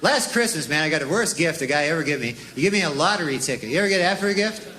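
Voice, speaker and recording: A man doing a deadpan, rambling stand-up routine full of folksy asides. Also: a little high, very fast. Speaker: stand-up comedian. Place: comedy club stage with laughing audience. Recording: live club recording with crowd and noise.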